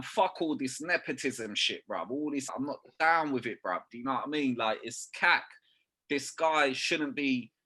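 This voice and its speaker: A man's voice: medium pitch, fairly bright tone. A young man, talking football in a casual podcast chat, full of slang and swearing. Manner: slangy, swearing, keeps saying "bruv". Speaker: podcast co-host.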